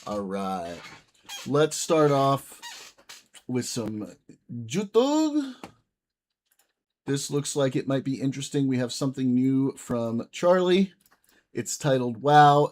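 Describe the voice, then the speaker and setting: Slow-talking laid-back male streamer. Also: mid-range voice, expressive, darkish tone. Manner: playful, drawn-out greetings, quick asides to a pet. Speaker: livestream host. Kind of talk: casual livestream chat.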